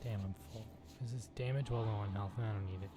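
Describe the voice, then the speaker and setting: A man's voice: lowish voice, steady tone, fast, over loud music. A man streaming a video game, reading in-game documents aloud and swearing at the action, sometimes dropping to a whisper. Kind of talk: casual gameplay commentary. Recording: noisy stream with game ambience.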